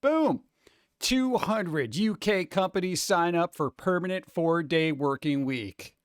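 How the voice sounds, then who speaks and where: A man's voice: fairly high pitch, measured pace, clean tone, no room sound, clean studio sound. A man hosting a casual stream, chatting playfully and making goofy noises. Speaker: streamer host. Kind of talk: casual chat.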